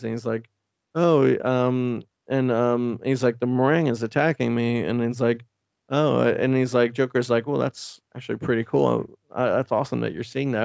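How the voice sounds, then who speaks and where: Gravelly-voiced man recapping a comic. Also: mid-range voice, darkish tone, dry recording, muffled recording. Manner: rambling, profane, acts out characters' lines. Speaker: podcast co-host. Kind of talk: casual chat recapping a comic.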